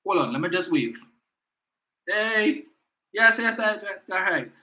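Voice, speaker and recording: A man's voice: high-pitched, lively intonation, a little slow, pushed and bright, pitched above the performer's own voice, exaggerated voice. Frail older woman, breathless and fussy, mocked by a male host. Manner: breathless, fussy, step-by-step mocking. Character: frail older woman politician needing help walking.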